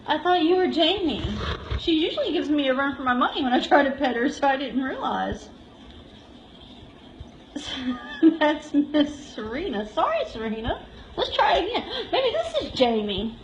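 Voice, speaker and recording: A woman's voice: high voice, very animated, moderate pace, roomy sound, muffled recording, slight background noise. A woman giving a casual live tour of a cat shelter room, talking to the cats in a cooing, laughing way, filmed on a handheld phone. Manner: cooing baby-talk to cats, frequent laughs.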